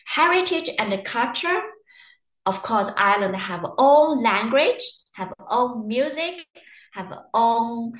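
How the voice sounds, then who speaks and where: Woman presenter, chatty and anecdotal, slightly high pitch, recorded with room echo. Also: expressive, takes it slowly, fairly bright tone. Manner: chatty, storytelling with acted quotes. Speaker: university webinar presenter. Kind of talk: casual webinar talk. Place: living in Ireland.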